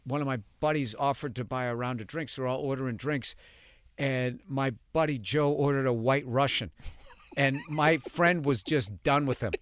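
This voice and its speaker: A man's voice: mid-range voice, moderate pace, a bit bright, clear, resonant tone, dry recording. A man with a Boston accent hosting a podcast, telling rambling stories in casual chat with swearing and laughter. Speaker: podcast host.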